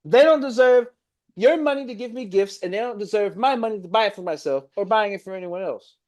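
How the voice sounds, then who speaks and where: A man's voice: high voice, fast talker. A young man, ranting about his football team on a casual reaction stream, exasperated and dramatic. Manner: exasperated, ranting, swings from mumbled gloom to loud outbursts.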